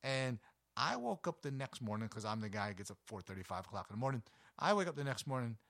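Man, casual travel storyteller, rambling and anecdotal, dry close sound, mid pitch. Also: big pitch swings, fast talker, gravelly, a bit bright, no echo. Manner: rambling, anecdotal, with many fillers and restarts. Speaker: travel vlogger.

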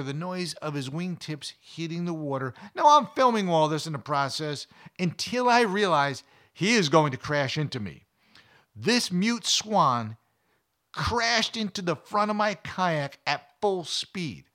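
A man hosting his own show, telling a personal outdoor adventure story in a folksy, emphatic way and speeding up or slowing down for drama. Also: on the high side, a bit bright. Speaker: storyteller host.

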